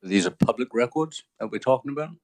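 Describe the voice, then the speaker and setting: A man's voice: mid-range voice, animated, fast talker, a little mellow. A man, a legislator, asking a witness pointed questions, with hesitant starts. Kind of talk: committee questioning.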